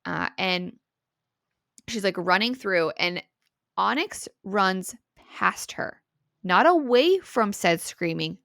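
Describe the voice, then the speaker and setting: A woman co-hosting a podcast, retelling a book's chapter in an animated, casual way full of "like" and "right?". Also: medium pitch, takes it slowly, gravelly, no echo, studio quality. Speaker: podcast co-host. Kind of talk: casual book-review chat.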